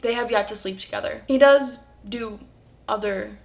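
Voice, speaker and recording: A young woman in her twenties talks casually at home, mixing a book recap with sarcastic, dramatic asides. Her voice sits slightly high for a woman. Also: moderate pace. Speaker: book reviewer and vlogger. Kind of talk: casual vlog commentary. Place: at home, bedroom.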